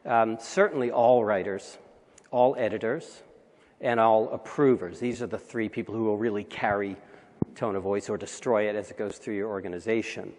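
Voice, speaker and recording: A man's voice: lowish voice, normal speed, darkish tone. A man giving a conversational conference talk with wry asides, recorded in a large hall. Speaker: conference speaker.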